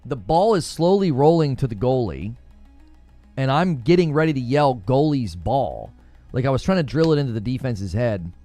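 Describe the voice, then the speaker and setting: A man hosting a podcast, chatting casually and telling a story with lively acted-out quotes. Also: medium pitch, a little fast, dry recording, soft background music. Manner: animated storyteller, acts out quotes. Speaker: podcast host and youth soccer coach. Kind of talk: casual chat.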